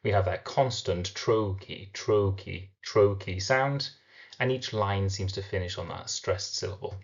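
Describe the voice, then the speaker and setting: A man teaching a recorded literature lesson, explaining step by step and slowing down to sound out syllables. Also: low voice, gravelly, lo-fi sound.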